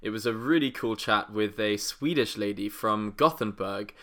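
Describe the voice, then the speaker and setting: A man's voice: lowish voice, moderate pace, crowd noise. A British man co-hosting a podcast, telling stories in a rambling, chuckling way. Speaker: podcast co-host. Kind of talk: casual chat.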